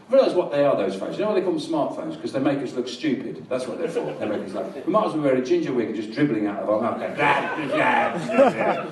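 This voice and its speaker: A middle-aged man from England doing a live stand-up set, rambling and deadpan, in a small comedy venue. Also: medium pitch, noisy background. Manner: dry, rambling, deadpan with crowd laughter. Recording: roomy live venue, distant mic.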